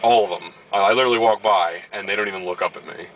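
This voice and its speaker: Quick, bright-voiced man with faint noise. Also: lowish voice, rough recording. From Baltimore, USA. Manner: storytelling, acts out quoted dialogue. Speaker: vlogger. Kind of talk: casual chat.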